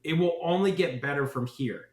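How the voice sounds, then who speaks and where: Guesting on a podcast interview, a man who founded a marketing agency rambles enthusiastically, drifting into asides and tagging lines with "right?". His slightly higher voice is a little mellow at a moderate pace, and the room echo is noticeable.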